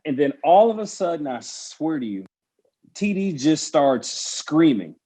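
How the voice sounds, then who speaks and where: A former pro football player telling a story in casual chat, animated and laughing as he acts out the people in it. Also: a little high, a little slow. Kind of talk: casual storytelling on a panel show.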